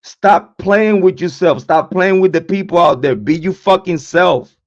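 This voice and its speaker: Man, high voice, profane confrontational rant, stammering repeats, muffled lo-fi sound. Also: a little slow. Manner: repetitive, stammering restarts. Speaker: true crime channel host. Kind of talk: livestream rant. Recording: dull lo-fi sound.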